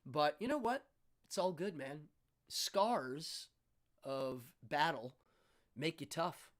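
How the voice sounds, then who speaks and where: A man in his fifties hosts a live stream, his voice on the high side with big pitch swings and an unhurried pace. He chats in a laid-back, slangy way full of ums and uhs, closing with an upbeat sign-off that thanks viewers by name.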